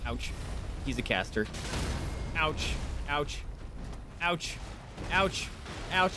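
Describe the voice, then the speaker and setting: A man streaming a video game live, rambling through his play and breaking into startled yelps and shouts when enemies surprise him. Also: on the high side, animated, extremely slow, pauses often, heavy background noise. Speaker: gaming streamer. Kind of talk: live gameplay commentary.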